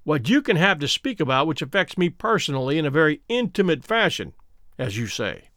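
A man voicing a fierce, imposing middle-aged explorer in a deep, gruff storybook voice. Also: sing-song, fairly quick, a bit bright, dry recording, studio quality. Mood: menacing.

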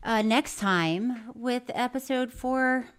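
A woman co-hosting a comedy podcast, chatting casually and reading listener mail aloud with a quick laugh. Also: fairly high pitch, smooth. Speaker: podcast co-host.

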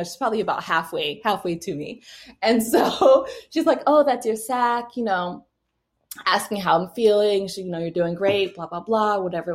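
Chatty young woman telling a story. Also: medium pitch. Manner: animated, laughing, quick asides. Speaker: mother telling a birth story. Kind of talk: casual storytelling.

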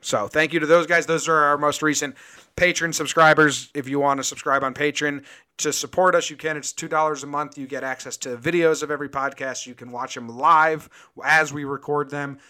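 A man's voice: fairly high pitch, steady tone, a little fast, pushed and bright, smooth. A man hosting a casual sports podcast, easygoing and joking, who also reads out the supporter thank-yous. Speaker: podcast host. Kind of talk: casual chat and sponsor read.

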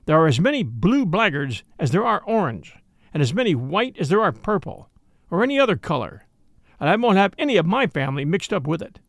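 A man's voice: high voice, sing-song, fairly quick, gravelly, no echo, studio quality, full character voice. A man voicing a serious, principled working-class father and cab driver who speaks earnestly and firmly. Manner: earnest, firm, lecturing.

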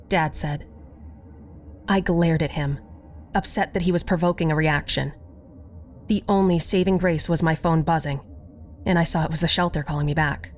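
A woman tells a first-person story in a fairly low voice, narrating expressively and acting out each character's lines. Faint music plays behind her. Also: steady tone, moderate pace.

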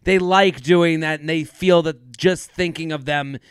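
A man chatting as a podcast co-host, his voice sitting a little high and sounding smooth and clean. He rambles and jokes, laughing easily between points. The recording is dry, with no room sound at all. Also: fairly even intonation, unhurried, no echo. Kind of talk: casual chat.

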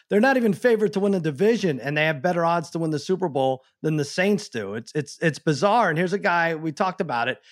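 A man co-hosting a podcast, rambling through a casual sports chat and leaping up in pitch when exasperated. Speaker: podcast co-host.

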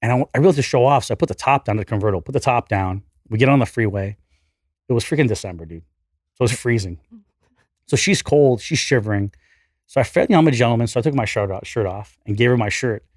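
A man in his forties, a podcast guest, telling a story in an animated, profane, self-deprecating way. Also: medium pitch, fast talker, no echo, clean studio sound. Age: 40s. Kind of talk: casual storytelling.

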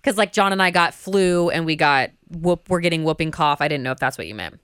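A woman's voice: low-pitched, expressive, fairly quick, fairly bright tone, clean tone, dry recording, studio quality. A young adult woman co-hosting a podcast, chatting casually and giggling as she tells stories. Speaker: podcast co-host. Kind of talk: casual chat.

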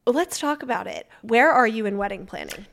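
Slightly high-voiced female host. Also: lively intonation, a little fast, gravelly, a bit bright. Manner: reacts with short, blunt interjections. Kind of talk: casual interview chat.

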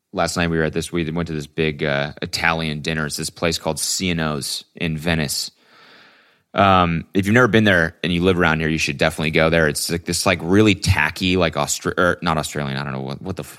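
Male podcast host with a very low voice, casual and rambling, swears freely. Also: fairly bright tone, clear, resonant tone. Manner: rambling, profane, lots of fillers. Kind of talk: casual solo podcast monologue.

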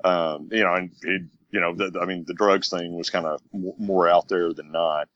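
Deep-voiced Southern man, hesitant. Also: fairly even intonation, moderate pace, fairly bright tone, highs cut off. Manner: hesitant, chuckling, lots of fillers. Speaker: podcast co-host. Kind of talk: casual film discussion.

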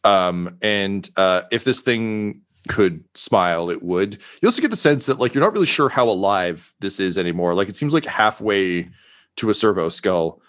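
A man's voice: lowish voice, animated, moderate pace, fairly bright tone. A man narrating a tabletop game as game master, rambling with many fillers.

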